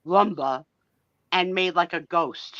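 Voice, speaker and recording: Brief: woman, New Jersey accent, lower-pitched, very expressive live-stream co-host. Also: dry recording, highs cut off. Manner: animated, giggly, quick to exaggerate. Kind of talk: casual live-stream chat.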